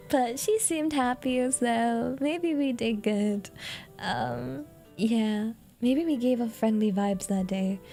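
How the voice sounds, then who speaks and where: A woman's voice: a little high, a little mellow. A British woman streamer chatting casually, rambling and giggling, with lots of fillers. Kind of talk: casual chat.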